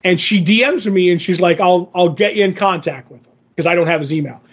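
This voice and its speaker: High, husky-voiced man telling a story. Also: brisk. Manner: animated, acts out others' lines in the story. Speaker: podcast co-host. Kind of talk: casual storytelling chat. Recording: dull lo-fi podcast audio.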